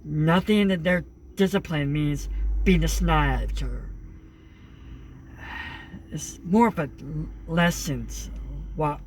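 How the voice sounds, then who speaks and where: A man's voice: on the high side, takes it slowly, pauses often, a little hiss or hum. A young man talking earnestly in a casual monologue, rambling with many fillers and restarts. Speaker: vlogger.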